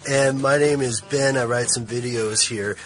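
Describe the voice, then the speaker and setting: Male podcast co-host: bright, playful, easy banter. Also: medium pitch, steady tone, unhurried. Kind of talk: casual chat.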